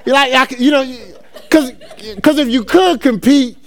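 This is a very high-pitched, fairly bright male voice at normal speed. He's a middle-aged New Jersey preacher who delivers his sermon as a relaxed personal story, laughing a lot and addressing everyone as y'all.

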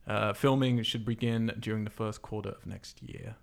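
A man from England hosts a casual podcast chat. His voice has a gravelly creak. He rambles loosely and laughs often. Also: lowish voice, fairly even intonation, moderate pace. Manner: laughs often, chatty, frequent "like" and "uh". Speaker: podcast host.

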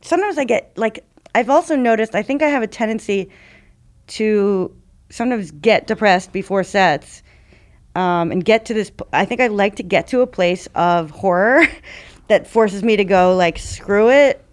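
A woman's voice: mid-range voice, normal speed. A woman stand-up comedian in casual conversation, rambling and self-reflective, with frequent restarts and fillers. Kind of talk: casual podcast chat.

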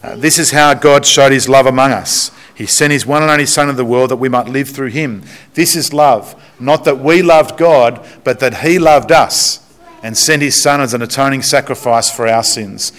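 Animated man preaching a sermon. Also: medium pitch, normal speed. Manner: animated, storytelling preacher with frequent restarts. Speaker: pastor. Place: church.

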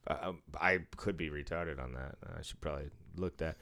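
A man's voice: extremely low pitch, a little fast, bright, forceful tone, clear, resonant tone. A man from Massachusetts with a Boston accent, chatting casually, swearing freely and laughing often. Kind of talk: casual chat.

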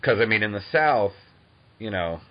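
A man in his thirties from Boston hosting a podcast, talking in an eager, excitable, fan-like way. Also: fairly low pitch, moderate pace, muffled recording. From Boston, Massachusetts. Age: 30s. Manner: eager, excitable, self-described dork. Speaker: podcast host. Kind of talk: casual interview chat.

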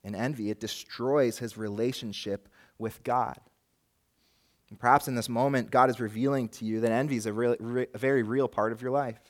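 A pastor preaches a sermon in earnest, his delivery rising and falling in force, with an occasional light joke for the congregation. His voice is medium-pitched and steady, at a moderate pace.

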